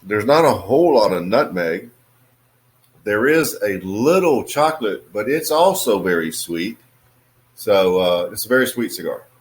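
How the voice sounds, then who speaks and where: A man casually reviewing a cigar on his video channel, in a relaxed, musing way with many fillers. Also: fairly low pitch, measured pace.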